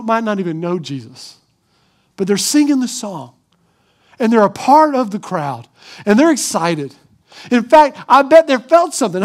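A man preaching a sermon as pastor, animated, acting out crowd shouts in a raised voice. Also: very high-pitched.

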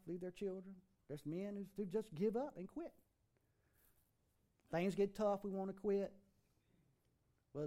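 A male pastor with a high voice preaches in a church. He recites scripture and builds with rising emphasis, then drops low and quiet to make a point. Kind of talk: sermon.

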